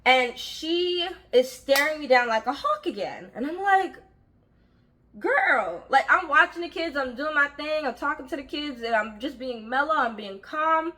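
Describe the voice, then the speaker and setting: A young woman casually telling a story from her job, animated and frank, acting out the voices of the people in it. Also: high-pitched, a little slow. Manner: frank, uses slang and swearing. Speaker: vlogger telling a work story.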